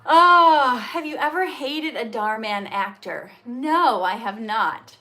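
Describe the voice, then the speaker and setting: Woman, casual livestream host, chatty, upbeat, quick to laugh, bright tone. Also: fairly high pitch, animated. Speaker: host and actress.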